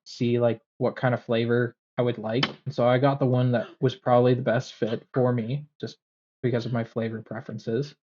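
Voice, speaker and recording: A man's voice: mid-range voice, darkish tone. A man chats on a podcast in a middle-range voice, stretching a story out with "like" and false starts. He is easygoing and casual. The sound is slightly muffled and lo-fi. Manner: rambling anecdote with fillers and restarts. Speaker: podcast co-host.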